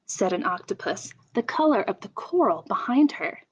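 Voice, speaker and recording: A young woman leading a children's story time, asking slow sing-song questions and making playful animal sounds. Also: medium pitch, very animated, husky. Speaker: children's librarian. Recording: dull lo-fi camera audio.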